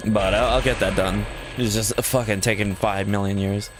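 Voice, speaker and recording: A man's voice: lowish voice, fairly even intonation, normal speed, background noise. A man streaming a game, chatting casually with wry, swearing asides and reading game text aloud.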